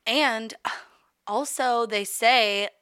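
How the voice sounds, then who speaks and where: Young woman, podcast co-host, bright tone, smooth clear voice, loose rambling chat. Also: fairly high pitch, drawn-out words, no echo, clean studio sound. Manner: chatty, rambling, swears casually. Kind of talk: casual chat.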